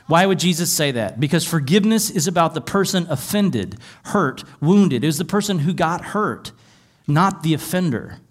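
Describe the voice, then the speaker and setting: A male pastor delivers a sermon with a voice pitched somewhat high for a man. He reads scripture passages aloud and then explains them in an easy, conversational way. Now and then he drops in a wry aside.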